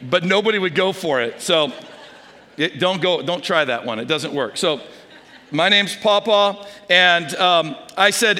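An older man, a grandfather, preaching a sermon and telling stories, dropping to a hush when he quotes a whisper. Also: high voice, measured pace. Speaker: pastor. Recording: long hall reverb.

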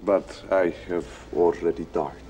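A man's voice: steady tone, warm tone. An actor playing an ancient courtly male vampire count in a film clip, formal and menacing. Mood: cold courtesy. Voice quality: slow, deep, formal and menacing.

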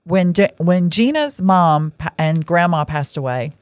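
Chatty woman with a low voice. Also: lively intonation, no room sound, clean studio sound. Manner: chatty, rambling, quick to laugh. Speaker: ministry leader and podcast host. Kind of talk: casual storytelling talk.

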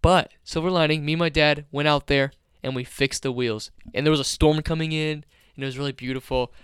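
A man's voice: a little high, fairly even intonation, a little fast, fairly bright tone, clear, resonant tone, no room sound, clean studio sound. A young man co-hosting a podcast, telling rambling stories in casual chat and swearing freely. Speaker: podcast co-host.

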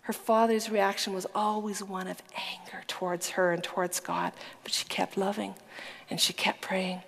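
A woman's voice: medium pitch, level tone, moderate pace, gravelly. A woman preaching a sermon with earnest, emphatic storytelling, sometimes dropping to a whisper. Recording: long hall reverb.

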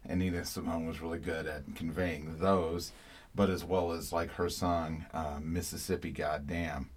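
A man with a low voice hosts a podcast in a relaxed, conversational way. He talks emphatically, rambling with fillers and restarts as he makes his points. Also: normal speed. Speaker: podcast host. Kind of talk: casual chat.

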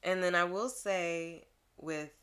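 Animated, laughing woman therapist. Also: on the low side, takes it slowly. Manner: animated storyteller, laughs often, casual slang. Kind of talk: casual podcast conversation.

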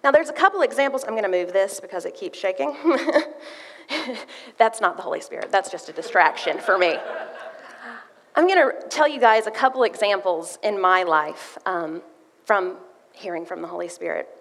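A woman gives a sermon with a personal testimony, earnestly telling her story and reading scripture aloud. Her mid-range, expressive voice is fairly bright and moves at a moderate pace, with long hall reverb.

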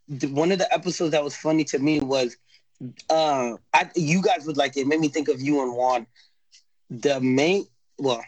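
A man talks in a relaxed podcast chat, rambling through a sitcom recap with slang and many restarts. His voice sits a bit high for a man. The sound is dry and close, with no room around it. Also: no echo, low-quality recording. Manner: rambling, laid-back, lots of restarts and slang. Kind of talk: casual chat recapping a TV show.

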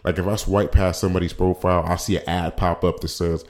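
Deep-voiced man rambling on his podcast. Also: flat delivery, fast, a little mellow. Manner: rambling, with frequent restarts and slang asides. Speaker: podcast host. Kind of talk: casual solo podcast monologue.

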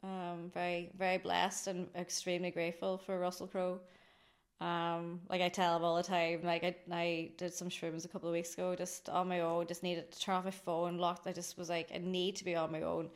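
A woman's voice: fairly low pitch, completely flat delivery, fairly quick. A woman from Ireland, a company founder, chatting in an interview, rambling and laughing often. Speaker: guest, drinks company founder. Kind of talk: casual interview chat.

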